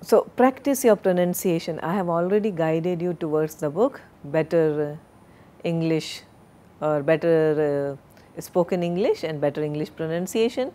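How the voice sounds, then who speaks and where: Woman, lecturer, slow deliberate delivery, lowish pitch, recorded lesson, lapel mic. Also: mellow. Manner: slow, deliberate, drills word pronunciations.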